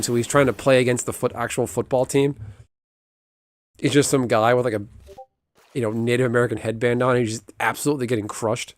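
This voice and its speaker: A man's voice: mid-range voice, steady tone, a little fast. A young adult man streaming a game, chatting casually with wry, rambling asides to his viewers. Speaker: gaming streamer. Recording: music playing underneath.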